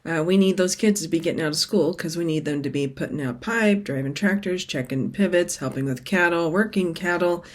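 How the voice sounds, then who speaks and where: A middle-aged woman with a slightly low voice chats casually to her vlog audience. She rambles and drifts from one aside to the next in a relaxed, talkative way. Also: a little fast, few pauses. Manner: rambling, chatty, sidetracked. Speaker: cross-stitch vlog host. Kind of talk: casual chat.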